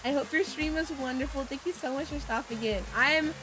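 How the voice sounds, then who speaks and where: A VTuber streamer with a high, fairly quick voice offers casual gameplay commentary while playing. Her chatter is chaotic and playful, full of stammered restarts. Game music plays behind her.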